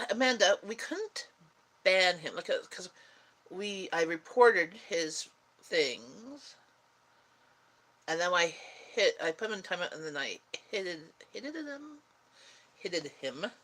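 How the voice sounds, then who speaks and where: A middle-aged woman, tired and yawning as she hosts a relaxed, rambling live-stream chat with her viewers. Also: lowish voice. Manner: rambling, relaxed, chatty with pauses. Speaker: livestream host chatting with viewers.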